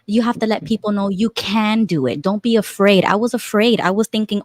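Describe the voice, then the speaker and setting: A woman's voice: mid-range voice, steady tone, fairly quick, few pauses, no room sound. A woman in her thirties, a homeschooling parent, speaking earnestly and passionately in casual chat. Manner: earnest and passionate, builds to raised outbursts.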